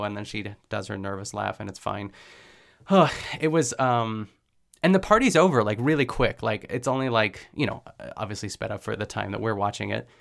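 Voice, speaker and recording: A man hosting a podcast, chatting casually and rambling with lots of "like" fillers and quick laughs as he recaps a cooking show. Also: medium pitch, gravelly. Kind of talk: casual chat.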